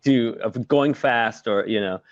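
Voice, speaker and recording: A man's voice: mid-range voice, unhurried, no room sound, dull audio. A middle-aged man, a former musical performer, telling stories as an interview guest in a chatty way, laughing often and using many fillers. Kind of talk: casual video-call interview.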